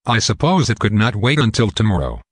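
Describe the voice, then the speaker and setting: A synthetic male text-to-speech voice voicing a weary, stern military colonel in a storybook reading, with a flat delivery. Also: lowish voice, brisk, husky, no room sound, studio quality.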